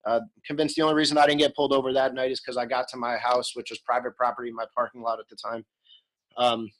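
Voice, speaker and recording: Fast and a bit bright, this mid-range male voice shows little pitch movement on a rough recording. He's an interview guest in his thirties, telling his story candidly in conversation, with lots of ums and restarts.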